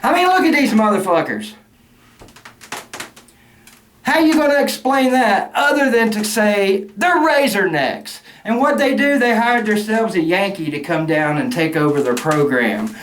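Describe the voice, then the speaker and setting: A man's voice: high voice, expressive, unhurried. Middle-aged man, hot-headed fan rant, heavy cussing, echoey room with faint hiss. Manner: angry, cussing, loud outbursts. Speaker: sports fan vlogger. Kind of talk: profane ranting fan rant. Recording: roomy echo, faint noise.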